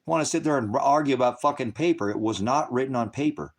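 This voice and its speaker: Hosting a ministry livestream, a man with a medium-pitched voice talks fast, lecturing on scripture while angrily heckling his chat. He swears at commenters and stays combative throughout.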